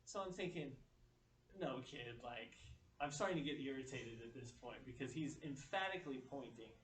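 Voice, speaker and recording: A man's voice: medium pitch, fairly quick, recorded from a distance, a little hiss or hum. Echoey man giving a keynote talk. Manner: storytelling, animated quoting of others. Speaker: motivational speaker. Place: large echoey room, speaking to an audience. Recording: echoey room, picked up from afar.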